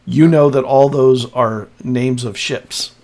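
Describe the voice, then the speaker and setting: A man narrating as game master of a tabletop role-playing game, describing scenes with halting restarts. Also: medium pitch, fairly even intonation, darkish tone.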